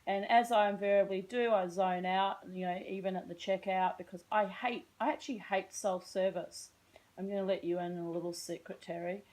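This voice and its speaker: A chatty Australian woman telling a story to the camera, rambling and self-mocking as she wanders from one tangent to the next. Her voice sits in an ordinary middle register, and she talks in a loose, unhurried way. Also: mid-range voice, darkish tone, poor audio. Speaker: vlogger.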